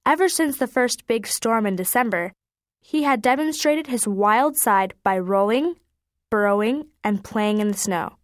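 A woman narrating a children's storybook in an expressive, clear way. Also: a little high, unhurried, no room sound, clean studio sound.

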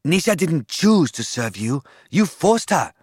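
A man's voice: on the high side, sing-song, a little slow, slightly rough, no echo, studio quality, voice pushed up, heavily acted. Storybook hero: a scared, defiant boy, voiced by a man reading. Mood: desperate. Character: frightened young boy hero.

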